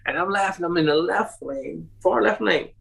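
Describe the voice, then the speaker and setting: A man with a slightly rough voice and some vocal fry speaks at a normal speed, telling a long, animated story as an interview guest. He laughs often and acts out quoted voices with sharp pitch jumps, and the recording is low quality.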